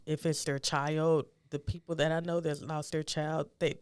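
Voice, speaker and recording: A middle-aged woman speaking as a guest, telling a personal story in a soft, halting, reflective way and becoming urgent when she gives advice. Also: sits low, little pitch movement, clear, resonant tone.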